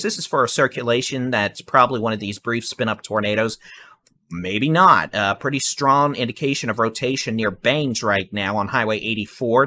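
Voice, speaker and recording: A man giving fast, urgent live severe weather warnings and repeating safety instructions. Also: medium pitch, bright, forceful tone. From Texas.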